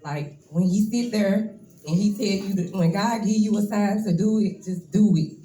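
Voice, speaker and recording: A woman's voice: medium pitch, moderate pace, dark tone, roomy sound, soft background music, low-quality recording. A woman in her twenties gives a nervous, emotional, casual speech as a braider at a hair shop event. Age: 20s.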